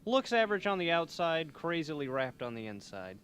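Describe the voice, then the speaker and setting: A man's voice: a little high, very animated, brisk, a bit bright. Rambling young man hosting college radio. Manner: joking, rambling, self-mocking. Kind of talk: rambling comedic radio chat.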